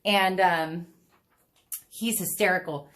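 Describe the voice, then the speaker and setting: She paints during a live stream from a home room, not a studio, laughing a lot and chatting bubbly with her audience. Her lowish voice stays steady, takes things slowly, and has a fairly bright tone.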